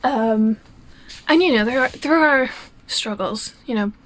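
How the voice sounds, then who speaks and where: High-voiced rambling woman vlogger. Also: unhurried, a bit bright, low-quality recording. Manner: rambling, chatty, self-deprecating. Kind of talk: casual get-ready-with-me chat.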